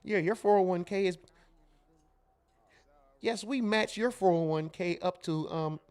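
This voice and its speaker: A man's voice: sits high, measured pace, darkish tone, clear, resonant tone. A man playing an overly polite corporate phone agent who talks stiffly and fumbles his figures. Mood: prim, businesslike. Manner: stiff, formal, fumbling with numbers.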